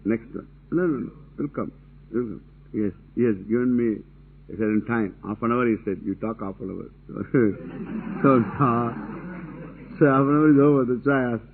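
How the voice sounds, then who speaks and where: A man's voice: medium pitch, normal speed, a little hiss or hum. A man giving a religious discourse, talking emphatically and repeating his key phrases with casual asides. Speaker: spiritual teacher. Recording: tinny narrow-band lo-fi recording.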